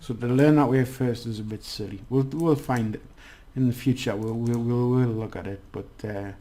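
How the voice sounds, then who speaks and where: A man's voice: mid-range voice, steady tone, normal speed, warm tone. A man giving a casual language lesson, chatty and rambling with many restarts. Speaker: language teacher.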